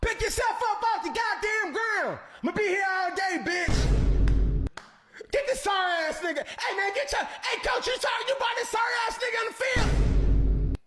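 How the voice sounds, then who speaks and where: A man putting on a young football player shouting insults and taunts at a rival on the field. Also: very high-pitched, lively intonation, moderate pace, echoey room, faint music behind, a faint crowd, pitched above the performer's own voice, full character voice. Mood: taunting. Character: trash-talking young male football player yelling at a rival.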